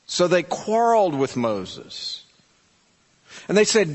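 A pastor preaching in an unhurried, deliberate way, leaning on rhetorical questions. His voice sits a little higher than most men's. It carries through the long reverb of a large church sanctuary. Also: sing-song. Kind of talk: sermon.

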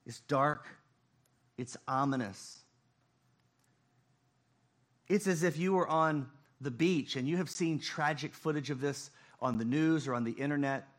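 A man preaching a sermon, swinging between loud emphasis and hushed, quiet phrases. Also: on the high side, a little slow, long pauses. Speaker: pastor.

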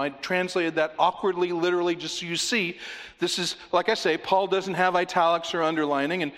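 A man preaching a sermon, emphatic and repetitive, often dropping to a quiet, intense delivery. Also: high voice, in a large hall. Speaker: pastor.

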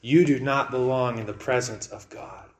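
A man preaching a sermon in an earnest way, repeating words and swinging between raised and hushed delivery. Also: mid-range voice, normal speed.

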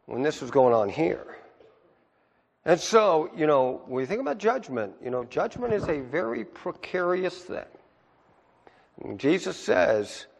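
A man preaching a sermon as pastor, moving from low asides to high, emphatic peaks. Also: sing-song, unhurried, gravelly, long pauses, long reverb tail.

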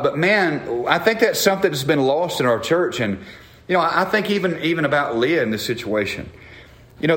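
A man's voice: a little high, roomy sound. A middle-aged man preaching a sermon in an earnest, conversational way, often restarting his phrases. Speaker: pastor.

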